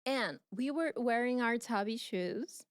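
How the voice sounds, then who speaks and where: A woman's voice: a little high, measured pace, dry recording, clean studio sound. A young woman co-hosting a casual chat podcast, telling stories with lots of laughter. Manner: giggly, animated storytelling. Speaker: podcast co-host.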